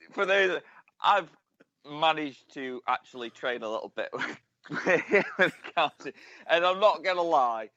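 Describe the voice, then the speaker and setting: A man's voice: a little high, sharp tone, no echo. A man hosting a casual interview podcast, teasing his guests and laughing often. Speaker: podcast host. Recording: dry, slightly dull lo-fi audio.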